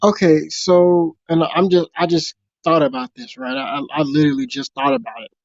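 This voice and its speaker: A man's voice: on the high side, lively intonation, normal speed, gravelly, no room sound, muffled recording. Hesitant male caller asking questions. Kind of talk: call-in conversation.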